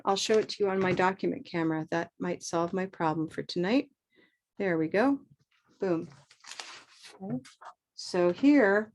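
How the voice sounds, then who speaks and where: An encouraging woman leads a live online pronunciation class at a medium pitch. She talks to her students through a computer mic and chants rhythms to model them. Her tone stays upbeat as she guides the practice. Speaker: pronunciation teacher.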